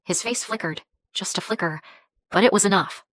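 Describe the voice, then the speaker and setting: A woman narrating a first-person story in a measured, even way. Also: medium pitch, no echo.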